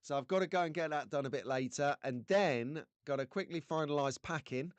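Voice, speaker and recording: A man's voice: a little high, a little fast, no room sound. A man from England hosting a casual live stream, chatty and jokey, greeting viewers by name.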